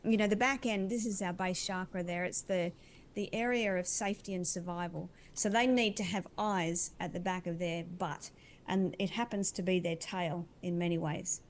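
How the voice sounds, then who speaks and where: A woman's voice: on the low side, steady tone, a little hiss or hum. Earnest dreamy woman describing visions. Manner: earnest, dreamy, slow-winding. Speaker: animal communicator.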